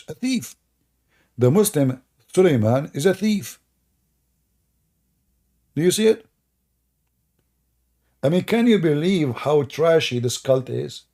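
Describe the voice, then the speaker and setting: Male stream host, gravelly and dark-toned, sarcastic and mocking, loose grammar. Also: a little high. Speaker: livestream host taking callers. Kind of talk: mocking religious-debate livestream.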